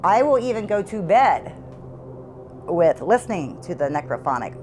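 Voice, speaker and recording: A middle-aged woman telling an interviewer about her haunted house at home, in halting, earnest speech that repeats words. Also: on the low side, sing-song, a little mellow, a little hiss or hum. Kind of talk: emotional interview testimony.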